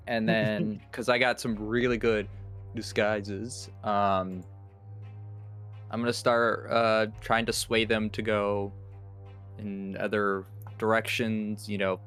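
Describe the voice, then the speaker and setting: A man with a low voice talks through his character's plans at a game table, stopping and starting with fillers. Soft music sits faintly in the background. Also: clean tone. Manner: hesitant, full of fillers, playful. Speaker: player. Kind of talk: casual game chat.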